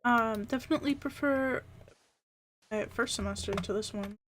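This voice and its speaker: A woman's voice: a little high, moderate pace, a bit bright, a little hiss or hum. A young adult woman streaming a game, chatting casually and rambling with lots of fillers. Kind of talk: casual chat while gaming.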